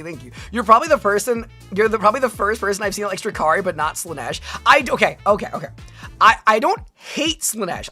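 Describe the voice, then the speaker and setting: A woman streamer talks casually with her chat and reads comments aloud in a rambling, animated way. Her voice is bright and forceful, with faint music playing softly behind her. She laughs easily as she goes. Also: mid-range voice. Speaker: VTuber streamer.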